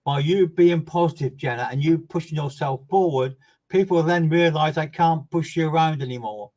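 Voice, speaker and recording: At a normal speed, the male medium carries on his live readings, naming viewers directly. His earnest emphasis comes through repeated words and shifts from loud bursts to soft low asides, on a rough-sounding recording.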